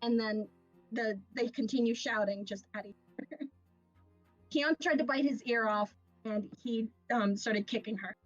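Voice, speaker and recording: A woman's voice: a little high, a little slow, muffled recording, soft background music. A woman acting as game master, narrating a tabletop game in a casual, chatty way with many fillers. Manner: casual, laughing, full of fillers.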